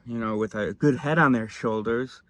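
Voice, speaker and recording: Sardonic guy ranting at his desk, rambly, muttering then loud, mid pitch, dry sound. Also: moderate pace, no echo. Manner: sardonic, rambling, shifts suddenly between mutters and bursts. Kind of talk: satirical monologue commentary. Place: home desk, recording his screen.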